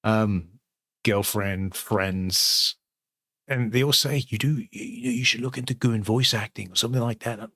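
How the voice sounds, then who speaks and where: A man's voice: fairly low pitch, unhurried, bright, forceful tone, no echo, clean studio sound. Rambling, sweary Englishman. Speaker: new channel host. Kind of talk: rambling casual chat. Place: at home.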